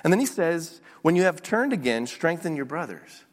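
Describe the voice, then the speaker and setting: A man preaching a sermon as a pastor, teaching lively with occasional restarts. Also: on the high side, normal speed, long reverb tail. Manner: animated preaching with some restarts.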